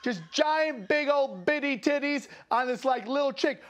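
A male stand-up comedian telling a crude, animated anecdote in an interview. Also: very high voice, a little slow. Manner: crude, animated, acts out voices.

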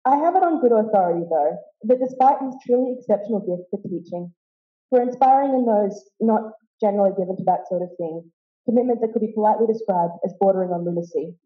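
A young woman giving a wry, vivid memorial speech full of stories. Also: medium pitch. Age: young adult. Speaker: eulogy speaker. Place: woolshed hall. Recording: roomy, dull hall sound.

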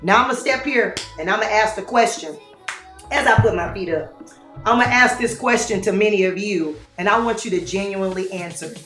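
A woman hosting a motivational faith talk, with a lively, preacher-like delivery and playful exclamations. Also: medium pitch, fairly quick, echoey room, soft background music. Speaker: host.

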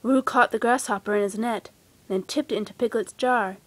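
A woman gently and expressively reading a children's storybook aloud. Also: a little high, normal speed. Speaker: storybook reader.

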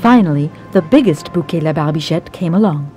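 A woman reading a scripted travel documentary narration in a measured storytelling manner. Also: low-pitched, animated, dark tone, soft background music.

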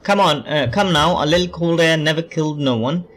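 A man voicing a gruff male Viking warrior with a Scottish accent, teasing his clan about the cold. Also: on the high side, a little fast, a bit bright. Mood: mocking. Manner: taunting, teasing.

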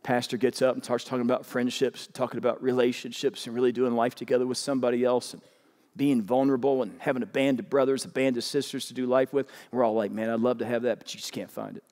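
A man preaching a sermon as pastor, animated and urging his congregation to respond. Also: fast talker. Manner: animated, urging the crowd with rising pitch. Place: large church auditorium. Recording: long hall reverb.

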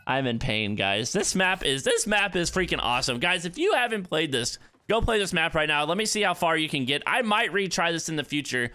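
Excitable male gaming commentator. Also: on the high side, fairly quick, hardly any pauses, dry recording. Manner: excitable, panicky exclamations. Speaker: gaming YouTuber. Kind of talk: live gameplay commentary.

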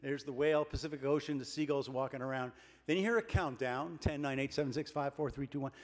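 An older man giving a comic keynote speech at a dinner, deadpan and wry, building his jokes with pauses. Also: medium pitch. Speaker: keynote speaker. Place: large banquet hall with a dinner audience. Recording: reverberant banquet hall, faint room noise.

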